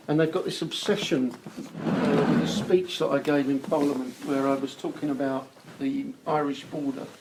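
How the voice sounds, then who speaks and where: An amused male politician telling a story in a slightly high voice. A steady hiss of noise sits under the clip. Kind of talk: anecdote in an interview. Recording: noisy clip.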